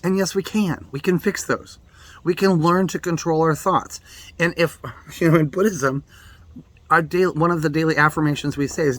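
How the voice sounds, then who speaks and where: A man's voice: fairly high pitch, moderate pace. A middle-aged man giving a blunt, emphatic talk on meditation as a Buddhist teacher. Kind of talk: direct-to-camera daily reflection talk.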